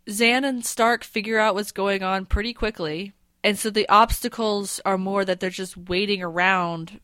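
A woman's voice: fairly low pitch, a bit bright, dry recording. Analytical woman podcast co-host. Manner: analytical, thinking aloud. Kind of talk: casual chat.

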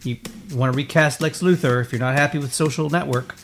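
Excitable man hosting a pop-culture podcast. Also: mid-range voice, a little fast, soft background music. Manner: excitable, rambling, with restarts. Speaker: podcast host. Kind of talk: casual pop-culture chat.

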